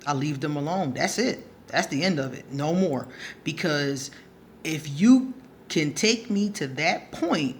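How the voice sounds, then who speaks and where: A woman's voice: low-pitched, expressive, a little slow, slight background noise. A woman vlogging advice, telling a story in a blunt, profane way and laughing often as she goes. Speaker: advice vlogger answering a subscriber. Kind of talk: casual storytelling monologue.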